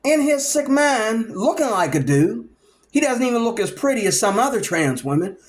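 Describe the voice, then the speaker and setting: A man vlogging in a casual storytelling monologue, lively and acting out the people he talks about. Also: very high voice, moderate pace. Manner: animated, acts out the people he describes.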